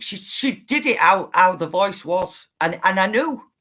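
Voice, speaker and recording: A woman's voice: medium pitch, animated, takes it slowly, fairly bright tone. A middle-aged woman, earnestly telling viewers an emotional story and insisting that it is true. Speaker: spiritual livestreamer.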